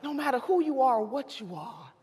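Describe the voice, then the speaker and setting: A woman giving an impassioned political speech at a convention, with a fiery, preacher-like cadence and shouted repetitions. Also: sits high, animated, fairly quick, a little hiss or hum. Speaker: convention speaker. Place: large convention hall. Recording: long hall reverb.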